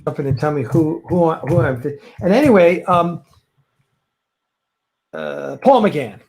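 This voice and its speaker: Male host, loose rambling delivery, somewhat higher pitch. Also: lively intonation, measured pace, vocal fry, darkish tone, slightly rough. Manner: rambling, many fillers and restarts. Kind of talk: casual livestream chat. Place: home, fireworks outside.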